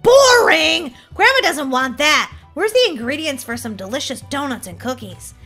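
A sassy girl with a sweet tooth , as a woman plays her, her voice very high, bright and lively. She is blunt and bouncy in this game roleplay story. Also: normal speed, faint music behind, heavily acted.

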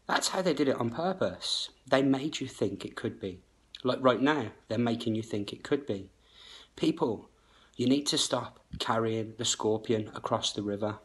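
A man's voice: medium pitch, moderate pace. A man hosting his own channel, talking straight to the camera in an emphatic, insistent way, full of rhetorical questions. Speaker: channel host. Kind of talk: direct-to-camera monologue.

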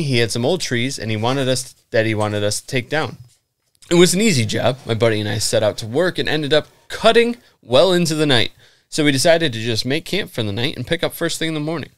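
Chill podcast dude reading a creepy story out loud, laughs a lot, swears. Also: male voice, mid-range voice, no echo, studio quality. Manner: laughs often and swears casually. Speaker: podcast host. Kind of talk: casual chat and reading a story aloud.

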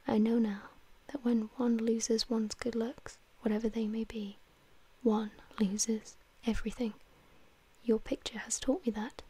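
A woman's voice: fairly high pitch, flat delivery, a little slow, warm tone, breathy edge. A woman whispering the part of an anguished, vain young man in a whispered role-play reading.

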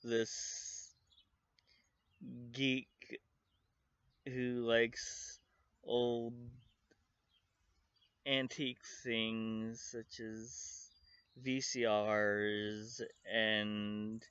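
Slow, rambling man on a dull mic. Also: mid-range voice, clean tone, no echo. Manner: rambling, excitable, laughs often. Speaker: anime reviewer. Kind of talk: casual spoken review. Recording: dull lo-fi recording.

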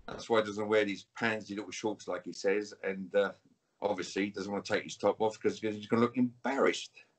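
A man's voice: fairly low pitch, steady tone, a little fast. A British man giving an interview over a video call, taunting and trash-talking a rival, saying "mate" again and again. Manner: taunting, repetitive, calls listener mate. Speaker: interview guest. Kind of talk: combative interview trash talk.

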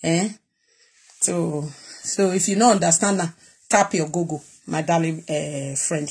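A woman's voice: on the low side, slow, long pauses, slightly rough. Defiant Nigerian woman from Edo. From Edo State, Nigeria. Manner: switches between Pidgin and Edo dialect, challenging and defiant. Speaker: vlogger. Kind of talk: direct-to-camera live video rant.

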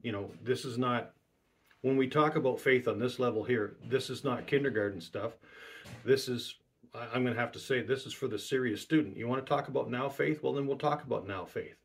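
A man's voice: medium pitch, fairly quick, husky. A man preaching a sermon, stressing his points by repeating key phrases.

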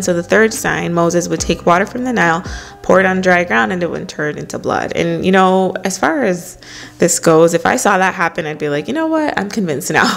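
Lady doing a chatty bible study, lowish gravelly voice, says "you know" a lot, faint music behind. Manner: conversational, many "you know" fillers, light laughs. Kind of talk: casual Bible study talk.

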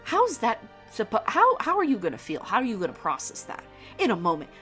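A woman's voice: on the high side, wildly swooping pitch, a little fast, fairly bright tone, faint music behind. A young woman hosting a podcast, chatting casually and enthusiastically about a film, rambling with lots of fillers and restarts. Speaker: podcast host.

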